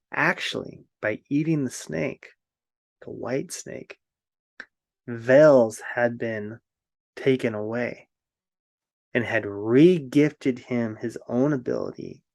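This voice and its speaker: A man telling a fairy tale and then reflecting on it in a gentle, unhurried way. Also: mid-range voice, no echo. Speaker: storyteller.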